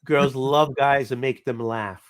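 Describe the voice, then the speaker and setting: A man's voice: medium pitch, steady tone, measured pace, a little hiss or hum. Teasing male stream host. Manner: teasing, encouraging, talks in restarts. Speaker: show host. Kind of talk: casual live-stream chat.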